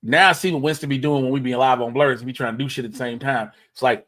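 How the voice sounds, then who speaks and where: A man on a casual livestream who mutters to himself, half-narrating what he is doing on his computer. He talks in loose slang and swears often, and his pitch sits in a middle range for a man. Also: fairly even intonation, fast. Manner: mumbling, talking to himself while fiddling with software. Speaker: stream host.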